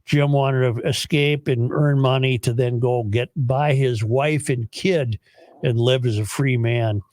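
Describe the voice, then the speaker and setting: A man's voice: mid-range voice, steady tone, a little slow, darkish tone, dry recording. Dry-voiced man hosting talk radio. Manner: rambling, storytelling, chuckling often. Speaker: radio show host. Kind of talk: casual talk radio banter.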